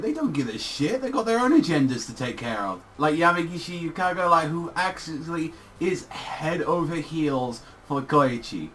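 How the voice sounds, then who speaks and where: A man's voice: on the high side, fairly bright tone. A young man giving a casual anime review in a rambling, profane way, full of fillers.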